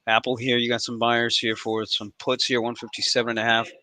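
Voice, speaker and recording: A man hosting a live trading stream, talking in casual, profane banter with sudden loud outbursts. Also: mid-range voice, monotone, fairly quick, dry recording, poor audio. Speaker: livestream trading host. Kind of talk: casual livestream chat.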